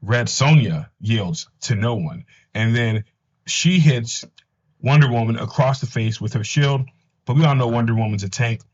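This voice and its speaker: A man's voice: mid-range voice, moderate pace, darkish tone. A man narrating a comic recap in a casual, enthusiastic and chatty way, with asides. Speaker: comic book recap host. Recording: slightly dull lo-fi audio.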